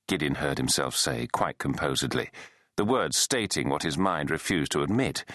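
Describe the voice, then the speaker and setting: A man narrating a thriller audiobook in a measured storytelling way. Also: very deep voice, animated, fairly bright tone, no room sound, studio quality. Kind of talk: scripted narration.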